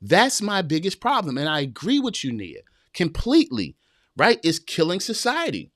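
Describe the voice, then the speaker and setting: A man hosting a live podcast, talking straight to his viewers and reading their chat, animated and preachy, repeating his phrases. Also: high-pitched, normal speed, dry recording, clean studio sound. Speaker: podcast host.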